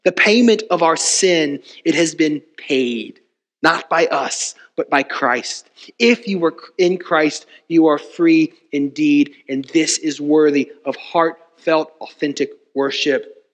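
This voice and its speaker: A man's voice: fairly high pitch, slow pace. A man preaching a sermon as pastor, emphatic and full of rhetorical repetition. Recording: long reverb of a church hall.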